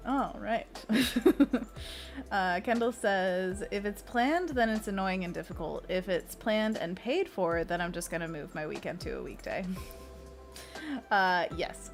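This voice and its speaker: Chatty woman streamer reading chat aloud. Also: fairly low pitch. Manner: chatty and playful, laughs often. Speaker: livestream host and freelance illustrator.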